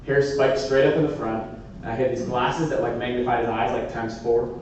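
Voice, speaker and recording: A man from Washington state giving a motivational keynote to a youth assembly. He tells stories in an animated, lively way and laughs often. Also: mid-range voice, a little fast, dull audio, slight background noise. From Washington state, USA. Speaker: keynote speaker. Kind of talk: motivational storytelling speech. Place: large indoor assembly hall. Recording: very echoey hall, speaker far from mic.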